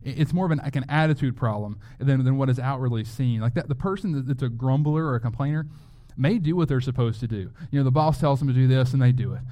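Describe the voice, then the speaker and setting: A man's voice: mid-range voice, fast talker, mellow. A man preaching a sermon as a pastor, in a conversational way, often asking rhetorical questions.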